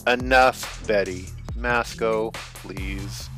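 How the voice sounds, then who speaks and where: Guy reading a smooth slow latino-accented creature boss, amused and calm, music underneath. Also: mid-range voice, voice pushed up. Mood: commanding. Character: suave deep-voiced male supernatural leader.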